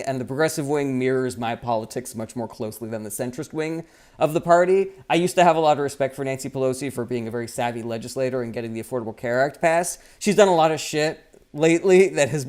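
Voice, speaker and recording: A man's voice: medium pitch, clear, resonant tone. A young man hosting a casual live chat, reading viewer questions and answering bluntly, with frequent swearing. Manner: blunt, profane, reads viewer comments aloud and replies.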